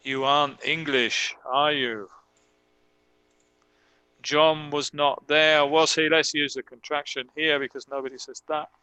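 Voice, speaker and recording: A male English teacher talks through a grammar lesson at a slow, careful pace. His voice is slightly high and bright. He reads each example sentence deliberately and stops to correct himself out loud, and the recording is dry and close. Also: fairly even intonation, clean tone, dry recording, rough recording.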